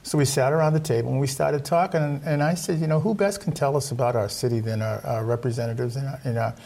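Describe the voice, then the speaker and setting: A man's voice: mid-range voice, fast, creaky, darkish tone. A man hosting an interview, chatty and rambling, often repeating words. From Boston, Roslindale. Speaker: host. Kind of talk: casual interview chat.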